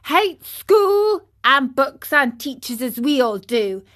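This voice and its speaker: A woman's voice: sits high, sing-song, slow pace, fairly bright tone, voice pushed up, heavily acted. A woman voicing a gang of rowdy, teasing schoolboys in a storybook reading, jeering and boastful.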